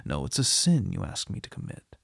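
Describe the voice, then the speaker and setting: A man with a husky, gravelly voice voicing an anguished young woman about to take her vows, pleading in a raised voice. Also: huge pitch swings, brisk, fairly bright tone, no room sound, studio quality, exaggerated voice. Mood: wavering. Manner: pleading, higher voice. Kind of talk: storybook reading.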